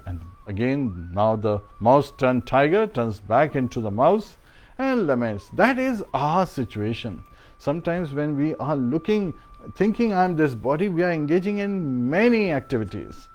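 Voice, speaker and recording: A man's voice: medium pitch, sing-song, normal speed, a little mellow. A man giving a devotional sermon as a spiritual teacher, chanting verses and mantras and telling a parable.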